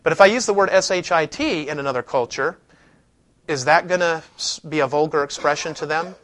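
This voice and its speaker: A man's voice: fairly high pitch, a little fast. A man teaching a scripture class in a casual, conversational way, stopping to restart sentences and leaning hard on points he wants to stress. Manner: conversational, with frequent restarts and lively emphasis. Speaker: Bible teacher. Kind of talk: classroom lecture with scripture reading.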